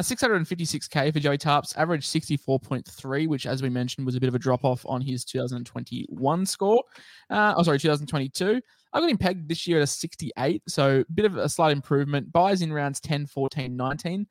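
Guy on a fantasy footy podcast, rattling off stats with lots of ums, mid pitch, dry mic. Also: no room sound. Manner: chatty, stat-heavy, filler-laden. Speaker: fantasy rugby league co-host. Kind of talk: casual podcast analysis.

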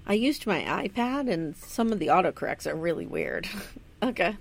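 A woman's voice: mid-range voice, normal speed, vocal fry. A woman co-hosting a casual podcast, recapping a TV episode with laughter, swearing and acted-out quotes. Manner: animated, laughing, acts out quotes. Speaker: podcast co-host.

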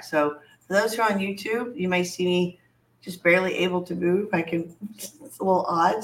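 A woman co-hosting a casual motorsport chat podcast, hoarse and raspy from a cold, talking in halting starts and restarts. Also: on the low side, a bit bright, a little hiss or hum, rough recording. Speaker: podcast co-host. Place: home, Germany.

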